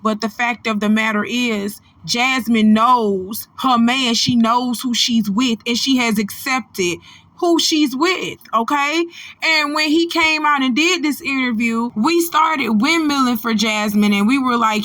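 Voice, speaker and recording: This is a woman in her thirties who hosts a gossip commentary channel, and her voice sits a touch high. She lectures celebrities by name in a blunt, preachy style and swears freely. The recording is dry and close, with no room sound. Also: unhurried, bright, forceful tone, no room sound. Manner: preachy, profane, scolding, addresses people directly.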